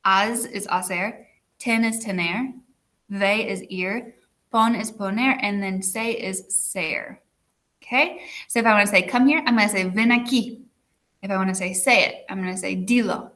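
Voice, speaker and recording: Chatty woman teaching a video lesson, bright crisp voice, keeps saying okay. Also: mid-range voice. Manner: chatty, checks in with frequent "okay". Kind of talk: recorded classroom video lesson.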